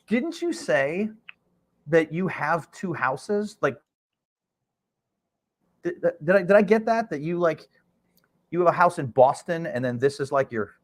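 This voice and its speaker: A man voicing a smooth, persuasive door-to-door book salesman with a coaxing, mock-innocent patter. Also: a little high, lively intonation, unhurried, pauses often, voice pushed up.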